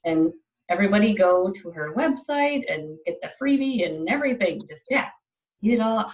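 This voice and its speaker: A woman's voice: mid-range voice, lively intonation, normal speed, highs cut off. A woman hosting an online summit interview, answering her guest with short, supportive affirmations. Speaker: summit host. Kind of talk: interview over video call.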